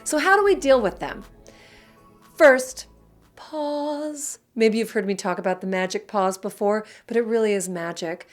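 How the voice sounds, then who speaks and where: Expressive woman giving communication tips. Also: mid-range voice, unhurried, soft background music. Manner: expressive, chatty, acts out little scenes. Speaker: communication coach. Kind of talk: direct-to-camera tips video.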